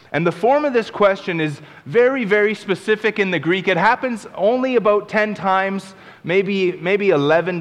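A man's voice: high-pitched, fairly bright tone. A man preaching a sermon in a conversational way, explaining scripture and acting out little asides. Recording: long reverb of a large hall.

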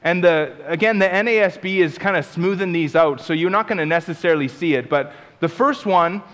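High-voiced man preaching in an echoing hall. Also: a little fast, fairly bright tone. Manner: conversational, explains with acted-out asides. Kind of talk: sermon teaching on scripture. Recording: long reverb of a large hall.

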